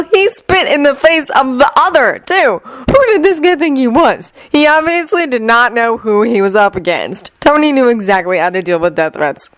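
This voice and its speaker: A woman narrating a fanfiction audiobook in a steady, even reading. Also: medium pitch, no echo, rough recording. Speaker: fanfiction reader.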